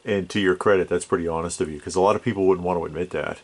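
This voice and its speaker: Man, very low voice, measured, deliberate casual chat. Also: steady tone, a little mellow. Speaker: co-host, toy collector.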